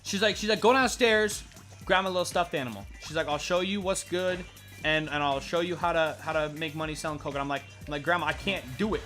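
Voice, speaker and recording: A man's voice: on the high side, fairly even intonation, fast, bright, forceful tone, soft background music. A young man narrating a silly, profane made-up story over gameplay, acting out both sides of the dialogue. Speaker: gameplay commentator. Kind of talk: rambling improvised game narration.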